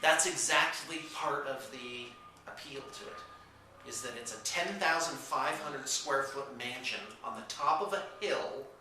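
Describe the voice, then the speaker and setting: Recorded from far off in an echoey indoor room with a whiteboard, a morning-show host chats casually and breaks into playful, theatrical outbursts. He speaks unhurriedly in a medium-pitched, sharp voice, with a little hiss or hum.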